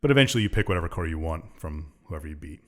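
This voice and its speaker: A man co-hosting a podcast, casually recapping a video game's story in a rambling, hesitant way with many pauses and fillers. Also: very deep voice, animated. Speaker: podcast co-host. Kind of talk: casual chat recapping a game plot.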